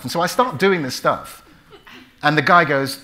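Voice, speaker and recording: British male actor, storyteller at a public talk, bright forward tone, acts out voices. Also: on the high side, moderate pace. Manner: animated storyteller who acts out voices and recites Shakespeare. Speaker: actor and author giving a talk. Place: lecture hall before a live audience.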